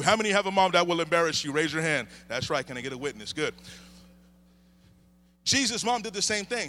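A middle-aged male preacher giving an animated sermon, calling for amens and swinging between shouts and hushed asides. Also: fairly high pitch, brisk.

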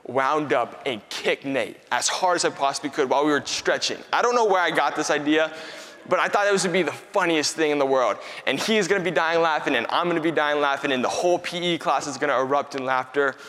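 Young guy preaching, kinda high voice, tells stories and repeats himself, big echoey hall. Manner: lively storytelling with repeated phrases. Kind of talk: sermon. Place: church hall. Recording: long hall reverb.

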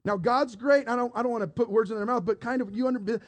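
Animated, high-voiced man preaching. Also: fast talker. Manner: animated storytelling, acting out characters, repeated restarts. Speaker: pastor. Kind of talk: sermon.

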